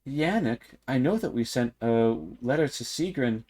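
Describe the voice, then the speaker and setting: A man's voice: medium pitch, animated, moderate pace, a little mellow, close to an everyday voice. A man voicing a frightened noblewoman, the lady of the house, speaking in a fearful, pleading way. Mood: worried.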